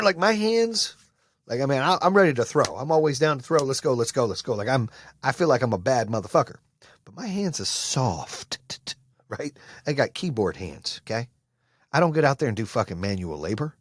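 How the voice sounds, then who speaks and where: A man hosting a podcast, giving an intense, profane motivational monologue with shouting bursts. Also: mid-range voice, sing-song, moderate pace, breathy edge, no echo, clean studio sound. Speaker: podcast host.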